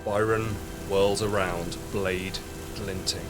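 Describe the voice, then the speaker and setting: A man's voice: mid-range voice, animated, normal speed, over music. A man acting as game master, narrating a tabletop game dramatically. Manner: dramatic, storytelling. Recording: noisy podcast recording.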